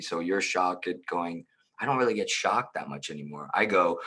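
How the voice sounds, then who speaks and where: Male interview host, bright voice, animated and emphatic, on a video call. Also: sits low, fairly quick. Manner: expressive, swings from soft to loud exclamations. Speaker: podcast host. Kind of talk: conversational interview.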